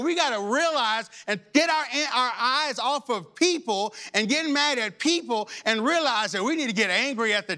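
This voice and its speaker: A male pastor preaching a sermon in an animated, humorous and exhorting way. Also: very high-pitched.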